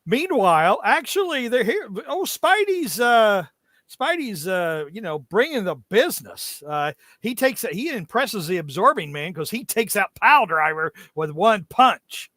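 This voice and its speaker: A man's voice: high-pitched, big pitch swings, bright, forceful tone, no echo, clean studio sound. A young man recapping comic book issues in casual chat, joking and stopping often with fillers. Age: young adult. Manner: jokey, halting with many fillers. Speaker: podcast co-host.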